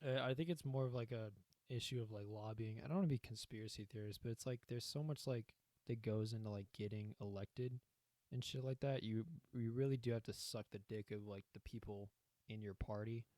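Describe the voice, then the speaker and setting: A man's voice: lowish voice, fairly even intonation, a little fast, a little mellow, dry recording. A young man co-hosting a podcast in casual chat, rambling, swearing and acting out scenes. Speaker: podcast co-host.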